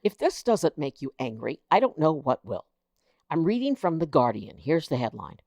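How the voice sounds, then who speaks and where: A woman's voice: fairly low pitch, expressive, moderate pace, no echo, studio quality. A woman hosting her own political commentary show, reading headlines aloud and reacting with indignant, exasperated disbelief. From United States.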